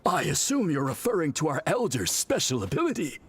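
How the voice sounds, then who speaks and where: A man's voice: on the high side, wildly swooping pitch, brisk, a little hiss or hum. A man voicing a formal, welcoming male tribal priest in a video game, speaking politely and formally. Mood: courteous. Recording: faint music underneath.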